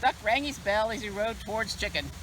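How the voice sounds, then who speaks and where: A librarian reading a picture book aloud to children in an expressive, sing-song storytelling manner. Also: female voice, mid-range voice, a little fast, slight background noise, poor audio. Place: library video recording.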